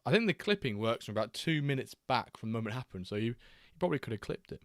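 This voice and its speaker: A man's voice: mid-range voice, animated, very fast, no room sound, clean studio sound. A man hosting a live watchalong stream, reading chat aloud and bantering with a jokey, laughing manner.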